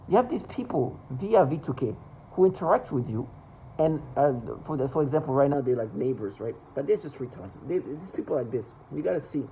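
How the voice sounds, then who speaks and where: A man's voice: a little high, lively intonation, a little fast, mellow, slight background noise, rough recording. A man talking to the camera in an agitated personal monologue, rambling with restarts and repetitions. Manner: rambling, restarts and repeats, mimics others' laughter. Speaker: vlogger.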